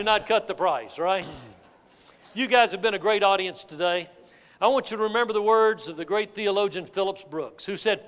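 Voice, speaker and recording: A man giving a keynote sales speech, telling a folksy, animated story to a live audience. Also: high-pitched. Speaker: motivational sales speaker. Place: large hall with an audience. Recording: reverberant hall.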